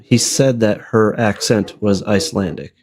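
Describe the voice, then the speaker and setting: A man with a low voice debating over a call. He stays dry and persistent and repeats his question over and over. He pushes back calmly while the other man gets louder. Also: unhurried. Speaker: debater criticizing the trailer. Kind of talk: online debate.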